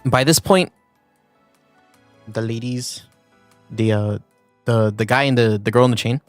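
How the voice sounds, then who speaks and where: Brief: casual male streamer, mid-pitched, dry recording, soft background music. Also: moderate pace, pauses often, no room sound. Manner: rambling storytelling with many fillers. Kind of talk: casual chat.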